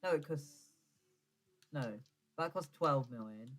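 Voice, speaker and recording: A man's voice: on the high side, slow, a bit bright. A man giving casual, rambling gameplay commentary as a gaming streamer, often correcting himself and stumbling over words. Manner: rambling, self-correcting, stammers when flustered.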